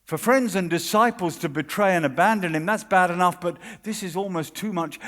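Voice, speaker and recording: A man with a British accent preaching a sermon at a conference, earnest and dramatic, dropping to a hush at key moments. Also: high voice. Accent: British English. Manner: earnest, dramatic, with hushed pauses and quoted voices. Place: conference hall. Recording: long hall reverb.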